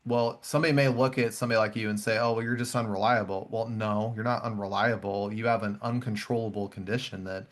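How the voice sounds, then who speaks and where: A man's voice: lowish voice, fast, few pauses. A man hosting a podcast interview, speaking conversationally and acting out quoted voices when he retells a story. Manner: warm, animated storyteller who acts out voices. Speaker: podcast host.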